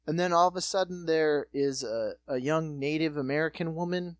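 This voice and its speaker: A man co-hosting a casual comedic chat, animated and mocking, slipping into quick goofy impressions. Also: on the high side, no room sound, studio quality. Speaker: podcast co-host.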